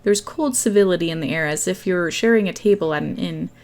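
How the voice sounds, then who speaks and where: A woman's voice: lowish voice, fairly quick, a little mellow. A woman hosting a gaming channel, reading a text game aloud in a casual way with small slips and chatty asides.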